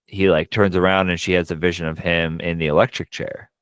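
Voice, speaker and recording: A man co-hosting a podcast, casually recapping a horror film with animated bursts, quoted lines and frequent swearing. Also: low voice, a little fast, dry recording. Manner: frequent profanity. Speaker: podcast co-host. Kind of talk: casual movie recap chat.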